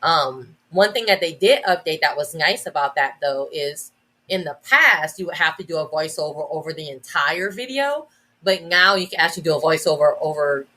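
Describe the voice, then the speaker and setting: A woman with a bright, crisp tone and a fairly low pitch talks as a podcast guest. She explains things step by step in a casual way, with fillers and some self-corrections. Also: lively intonation, moderate pace. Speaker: guest educator. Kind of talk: casual conversational interview.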